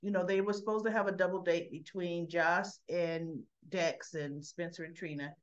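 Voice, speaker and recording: A woman casually retelling a soap opera episode in a chatty way, jumping up in pitch to act out the characters' lines. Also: fairly even intonation, moderate pace, muffled recording. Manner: chatty, acts out quotes with rising pitch. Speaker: soap opera recap vlogger.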